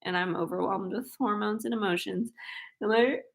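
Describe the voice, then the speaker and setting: A woman's voice: mid-range voice, moderate pace, creaky. A pregnant woman hosting a casual livestream Q&A, chatty and giggly as she reads viewer questions aloud. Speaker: host.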